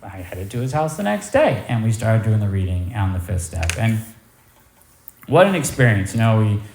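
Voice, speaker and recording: A man's voice: lowish voice, big pitch swings, normal speed, creaky, a little mellow, a little hiss or hum. A man giving a personal recovery testimony at a meeting, telling it candidly with self-deprecating humor. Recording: echoey room.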